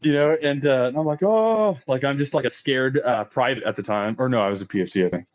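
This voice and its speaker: A man in his late thirties tells a story on a podcast, swearing freely and laughing often. He jumps into a higher voice when he quotes people. His voice sits at a middling pitch, and the audio is a little dull and lo-fi. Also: steady tone, fast. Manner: profane, laughs often, acts out quotes in raised voice. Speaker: podcast guest. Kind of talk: casual storytelling.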